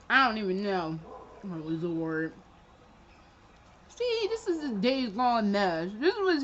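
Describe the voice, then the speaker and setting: A woman's voice: high-pitched, fairly bright tone, highs cut off. A woman vlogging about video games in casual chat, candid and sarcastic, swearing and laughing as she acts out her own reactions. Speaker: gaming vlogger.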